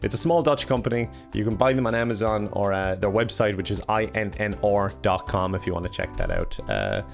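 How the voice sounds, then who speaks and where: A young man giving excitable, exasperated let's-play commentary, swearing and laughing often. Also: lowish voice, fairly quick, gravelly, soft background music. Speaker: gaming YouTuber.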